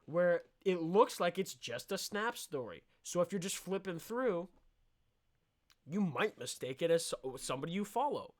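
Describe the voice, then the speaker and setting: A man's voice: high voice, big pitch swings, normal speed. A young man hosting a comedy podcast, riffing in a sarcastic, rambling monologue. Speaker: podcast host.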